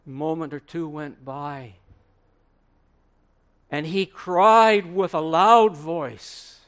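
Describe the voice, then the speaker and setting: An earnest old apostle, played by a man, recalls what he saw in a first-person sermon monologue. His voice sits fairly high and moves slowly, with long dramatic pauses and swelling emphasis. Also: fairly bright tone. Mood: solemn. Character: aged male apostle recalling the crucifixion, earnest. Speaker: preacher in character. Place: room with listeners.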